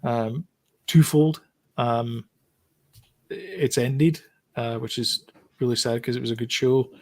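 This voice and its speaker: A man's voice: medium pitch, slow, a little mellow. Man, podcast co-host, casual chat, rambling, lots of ums. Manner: rambling, many fillers and restarts. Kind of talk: casual chat about TV shows.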